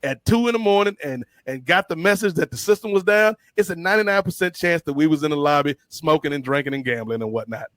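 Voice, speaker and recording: A man co-hosting a podcast, telling stories in an animated, slangy way. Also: on the high side, fast, hardly any pauses, no room sound. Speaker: podcast co-host. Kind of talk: casual storytelling chat.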